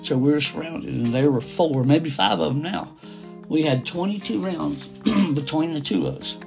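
A middle-aged man tells his own story in a rough, gravelly voice, circling back with restarts and asides. A soft guitar plays faintly under him. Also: fairly high pitch, moderate pace. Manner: quoting others in a plain voice. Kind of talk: first-person story narration. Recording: soft guitar music behind.

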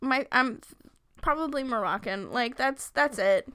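Woman, fairly high voice, from Long Island, podcast co-host, animated storyteller, casual swearing. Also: a little slow, smooth. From Long Island, New York. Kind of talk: casual chat.

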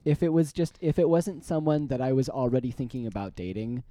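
A young man co-hosting a podcast, joking and talking in halting, restarting phrases. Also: mid-range voice, fairly even intonation, dark tone, no echo. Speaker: podcast co-host. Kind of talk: casual chat.

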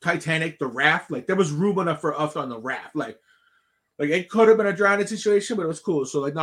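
A man in his thirties, a podcast host telling a rambling, animated story in casual chat, swearing often. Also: mid-range voice.

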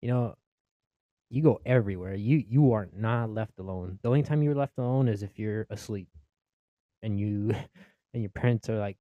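A man's voice: fairly low pitch, moderate pace, long pauses, no echo, phone-quality sound. A young Mexican-American man doing stand-up comedy, swearing freely, laughing at his own jokes and acting out his family.

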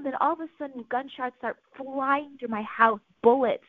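A woman telling her life story in an earnest, animated way, acting out the quotes. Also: high voice, moderate pace, dry recording. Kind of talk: personal storytelling. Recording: tinny phone-like sound, dry.

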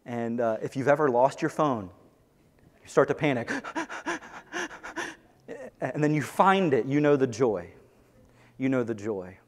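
A man's voice: medium pitch, normal speed. Man preaching in an echoey hall. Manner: earnest, building to excited bursts. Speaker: pastor. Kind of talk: sermon. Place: church sanctuary. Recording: long echo of a large hall.

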